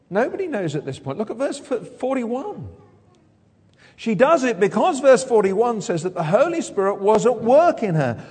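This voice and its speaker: A man preaching an expository sermon in a church hall, animated and acting out quoted lines with big jumps in pitch. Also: husky. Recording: long hall reverb.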